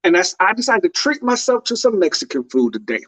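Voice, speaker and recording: A man's voice: sits high, very animated, brisk, fairly bright tone, no room sound. A man co-hosting a casual podcast, telling a story in a playful, mock-tearful way. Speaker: podcast co-host. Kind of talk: casual chat.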